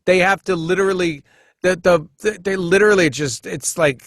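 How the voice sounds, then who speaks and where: A man chatting as a podcast guest, telling stories in an animated, rambling way with many restarts, often jumping into quoted voices. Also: high-pitched, normal speed, dry recording, clean studio sound. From United States. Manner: animated storyteller who jumps into quoted voices. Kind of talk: casual storytelling chat.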